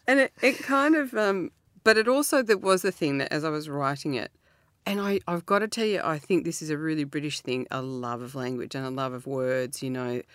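A woman's voice: fairly quick, dry recording. Middle-aged aussie woman chatting as a guest, earnest, laughy, dry studio mic. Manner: earnest, laughs often, lively pitch jumps. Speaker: author guest. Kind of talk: reflective interview talk.

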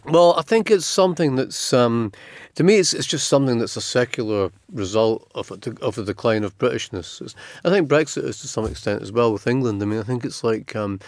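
A man's voice: mid-range voice, animated, a little fast, darkish tone, no room sound. A middle-aged Scottish man giving long reflective interview answers, full of fillers and restarts. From Scotland. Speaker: writer, interview guest.

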